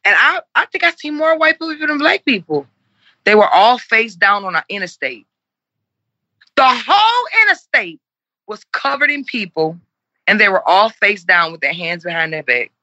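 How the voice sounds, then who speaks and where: A woman's voice: mid-range voice, sing-song, moderate pace, pushed and bright, dry recording, muffled recording. A woman in her forties, speaking earnestly and with passion in an interview and repeating herself for emphasis. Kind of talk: heartfelt conversational interview.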